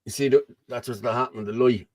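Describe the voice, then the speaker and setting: A man's voice: medium pitch, fairly even intonation, quick pace, no room sound. An Irish man talks over a video call in a rambling, blunt way, always circling back with "you know what I mean". His voice sits in the middle range. The sound is dry and close, with no room around it. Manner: rambling, blunt, keeps asking 'you know what I mean'. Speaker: host. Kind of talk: casual political chat over a video call.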